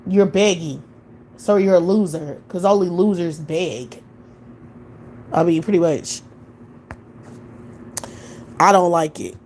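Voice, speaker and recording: Lowish-voiced woman on a live stream, blunt and cussing, some faint noise behind. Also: takes it slowly, long pauses, a little mellow. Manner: blunt, profane, opinionated. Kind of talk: casual live-stream chat.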